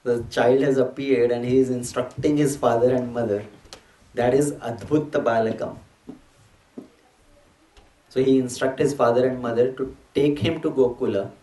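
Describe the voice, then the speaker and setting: A man's voice: medium pitch, steady tone, normal speed, long pauses, mellow. A man telling a devotional scripture story in a sermon, explaining patiently and slipping in Hindi words. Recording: echoey hall, distant mic.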